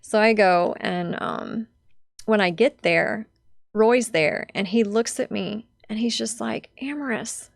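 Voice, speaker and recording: A woman's voice: mid-range voice, fairly even intonation, slow pace, creaky, no echo, studio quality. A young adult woman telling a personal story as a podcast guest, heartfelt and chatty with lots of fillers.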